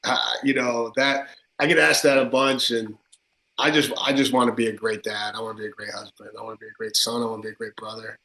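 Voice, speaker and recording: A man's voice: medium pitch, quick pace. A man from Connecticut with a tri-state accent, a football coach talking emphatically in a podcast interview, full of fillers. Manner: energetic, emphatic, many filler words. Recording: roomy echo.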